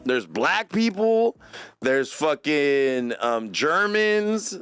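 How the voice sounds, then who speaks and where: A man's voice: a little high, very animated, extremely slow, a bit bright, clean tone. Slangy man chatting on a podcast. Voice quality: slangy, profane, rambling. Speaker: podcast host. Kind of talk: casual podcast chat.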